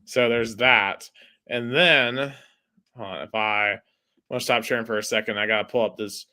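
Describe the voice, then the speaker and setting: A man's voice: lowish voice, fairly even intonation, normal speed, pushed and bright. A man hosting a casual sports podcast, chatty and filling his talk with "like". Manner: chatty, heavy use of "like". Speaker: podcast host.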